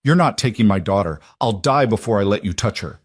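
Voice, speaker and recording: A man voicing a desperate young frontier mother, shrill and pleading. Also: expressive, brisk, slightly rough, no echo, clean studio sound. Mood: furious.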